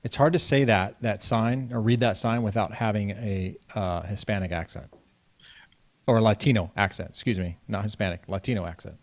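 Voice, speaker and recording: A man hosting a casual real estate talk show, relaxed and laughing along as he moves between segments. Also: fairly low pitch, moderate pace. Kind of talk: casual banter.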